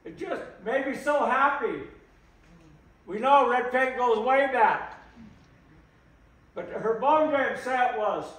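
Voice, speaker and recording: A man giving an impassioned public talk, slow and emphatic, repeating phrases for weight. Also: very high voice, a bit bright. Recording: echoey room, voice from a distance.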